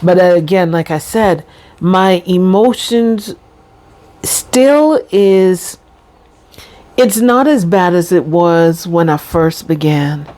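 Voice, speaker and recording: In a casual talk to camera, a middle-aged woman vlogs about life after a brain injury. Her voice is lowish and mellow, and she laughs often while talking, with drawn-out pauses.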